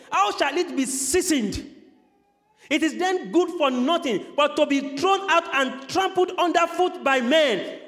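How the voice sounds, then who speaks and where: A male pastor preaching a sermon with passion, his voice climbing into shouts, then leading a prayer. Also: very high voice. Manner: impassioned, rising to shouts. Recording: long hall reverb.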